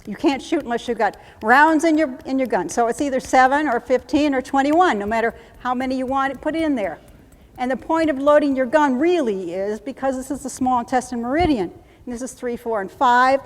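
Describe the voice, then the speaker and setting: A woman giving a live training demonstration at a conference, coaching in a brisk, commanding way with chanted repetitions. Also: on the high side. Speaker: workshop presenter. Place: conference room. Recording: long hall reverb.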